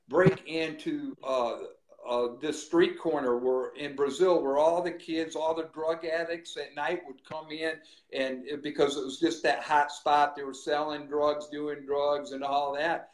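A man, a guest minister, telling his testimony in an animated way and acting out the voices he quotes. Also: on the high side, echoey room. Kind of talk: testimony storytelling.

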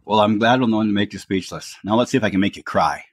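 Husky low-voiced male podcast host. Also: quick pace, dry recording. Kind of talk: casual interview chat.

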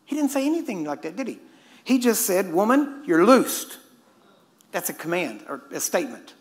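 A man's voice: high-pitched, wildly swooping pitch, brisk. A man preaching a sermon, emphatic and constantly quizzing his listeners. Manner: emphatic, questioning the audience.

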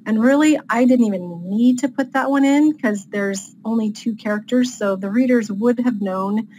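A woman's voice: on the high side, normal speed, warm tone, slight background noise, low-quality recording. A woman author talking through writing tips in a casual interview, chatty and loose, with many fillers. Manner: chatty, with frequent fillers and light laughs. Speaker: author guest.

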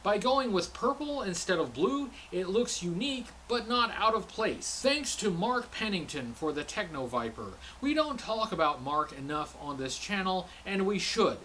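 High-voiced man narrating a toy review. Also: big pitch swings, normal speed, few pauses, pushed and bright, slight background noise.

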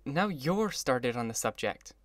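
A man reading an audiobook, voicing a cool, worldly young woman in a slow, ironic drawl. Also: on the high side, lively intonation, dry recording, pitched above the performer's own voice, natural voice. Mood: languid.

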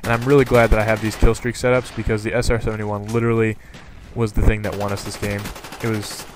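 A young man talks through his own match in a rambling, excitable way, his voice sitting a bit low. Gunfire and explosions from the game play clearly underneath him. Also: fast talker, noisy background. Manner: rambling, excitable, full of fillers. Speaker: gaming commentator. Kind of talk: casual gameplay commentary. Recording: game sound and gunfire behind. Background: gunfire from gameplay.

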